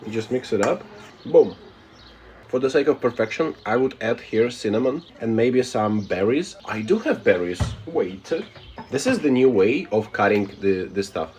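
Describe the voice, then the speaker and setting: A man's voice: mid-range voice, animated, normal speed, a little mellow, slight background noise. A man live-streaming who reads viewer comments aloud and answers them bluntly in a casual, unbothered way. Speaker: live streamer reading chat.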